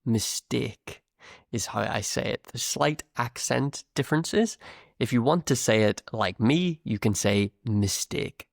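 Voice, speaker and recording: Male English teacher, northern UK accent, unhurried and encouraging, with some vocal fry. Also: mid-range voice, animated, dry recording, studio quality. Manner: patient, encouraging, repeats words for learners. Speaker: English teacher, podcast host. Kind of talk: slow, clear teaching talk.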